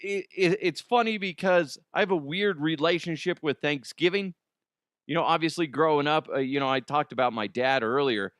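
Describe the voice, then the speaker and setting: A man's voice: fairly high pitch, moderate pace, a bit bright, dry recording, studio quality. A man hosting a comedy podcast, telling stories in a loose, profane way with stammered restarts. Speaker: podcast host. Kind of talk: comic storytelling.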